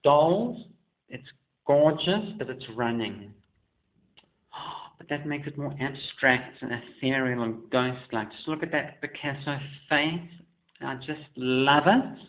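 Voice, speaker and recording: A man's voice: medium pitch, lively intonation, slow. Flamboyant theatrical man in an echoey room. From South Africa. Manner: theatrical, flamboyant, swings loud and soft. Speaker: artist and muralist. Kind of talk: casual camera monologue. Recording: echoey room, dull lo-fi sound.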